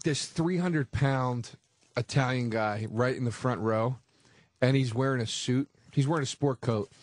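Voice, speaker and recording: A man's voice: mid-range voice, dry recording, clean studio sound. A man who is a comedian guest on a radio show, telling stories with enthusiasm and laughing easily. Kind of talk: casual radio chat.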